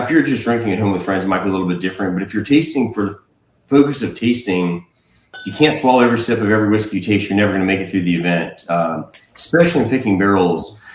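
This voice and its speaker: A man, a whiskey blender, speaking casually as a livestream guest, relaxed and rambling with fillers and restarts. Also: fairly low pitch, roomy sound, poor audio. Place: home.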